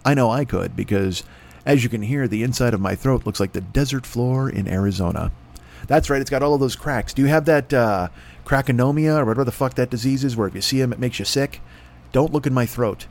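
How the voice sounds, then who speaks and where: A man rambles through a comedy ad read with a lively, swooping voice that keeps jumping up and down. He sounds dry-throated and swears freely. He drops into mock announcer voices now and then. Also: mid-range voice, quick pace. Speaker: podcast host.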